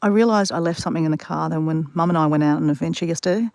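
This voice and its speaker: A woman's voice: low voice, rapid-fire, a little mellow, no echo. Chatty woman vlogging outdoors. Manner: chatty, rambling storyteller talking straight to viewers. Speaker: vlogger live-streaming to a chat audience. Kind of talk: casual live-stream chat. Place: outdoors in the bush beside water.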